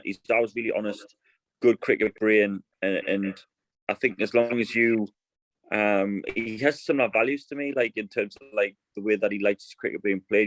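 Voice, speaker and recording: A man's voice: lowish voice, a bit bright, dry recording, rough recording. A man, chatting casually as a podcast guest and telling stories with many restarts. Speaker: guest, fast bowler.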